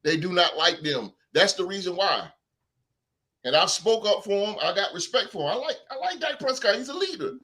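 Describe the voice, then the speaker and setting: A man hosting a sports podcast, ranting in an animated, heckling way and mocking rival fans. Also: high-pitched, moderate pace. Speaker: podcast host. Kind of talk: sports talk rant.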